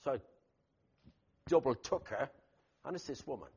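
A man preaching a sermon as pastor, telling stories in an animated way with loud emphatic bursts. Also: medium pitch, moderate pace, creaky, husky. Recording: dull lo-fi recording.

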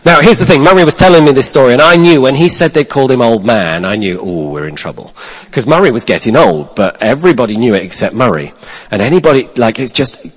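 A male pastor telling a story in a sermon, swinging between loud bursts and hushed asides, with many restarts. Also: medium pitch, animated, fast talker. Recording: long reverb of a large hall.

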